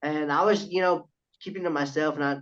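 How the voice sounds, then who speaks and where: Young man, slightly high voice, animated storyteller, swears a lot, dull lo-fi sound. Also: a little fast. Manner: animated storyteller, swears freely, quotes others in his story. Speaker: guest, professional wrestler. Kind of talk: casual podcast storytelling. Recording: dull lo-fi audio.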